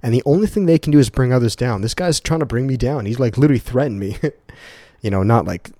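A man's voice: mid-range voice, fast, dark tone, dry recording, clean studio sound. A young man hosting a casual motivational podcast on his own. He talks to his listeners in an earnest, profane way and repeats words for emphasis. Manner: speaks straight to listeners as "guys". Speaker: podcast host. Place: at home in a condo.

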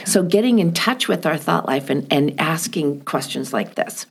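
A middle-aged woman with a low voice, gravelly and a little husky. She talks in a gentle, thoughtful way and keeps asking the listener reflective questions. The setting is a calm podcast conversation. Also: moderate pace. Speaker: guest.

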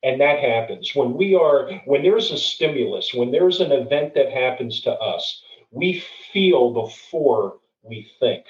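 A man's voice: mid-range voice, lively intonation, measured pace, few pauses. Earnest middle-aged man in an echoey room. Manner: earnest, with frequent restarts and repeated words. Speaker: guest speaker. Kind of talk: conversational storytelling and advice. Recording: dull, distant, roomy recording.

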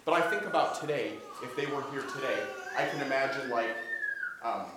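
A man's voice: mid-range voice, a little fast. A man giving a conversational sermon, telling stories, acting out dialogue and asking his listeners questions. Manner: storytelling, acts out dialogue, asks the audience questions. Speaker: preacher. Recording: echoey room with faint background noise.

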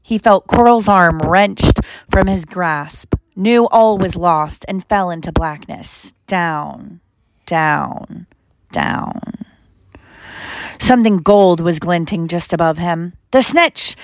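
A woman narrating a storybook aloud in an expressive storytelling manner. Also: fairly low pitch, slow pace, no room sound, studio quality. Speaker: reader. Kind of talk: audiobook narration.

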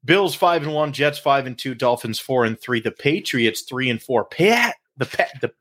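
A man hosting a sports talk show, playful and animated, stretching out hype calls and joking with his co-host. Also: mid-range voice, normal speed.

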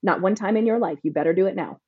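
A woman's voice: mid-range voice, fast talker, husky, dry recording, highs cut off. A woman parenting coach answering an interview question in an emphatic, punchy way, sometimes acting out what parents and teens say. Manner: emphatic, punchy, acts out parent and teen lines.

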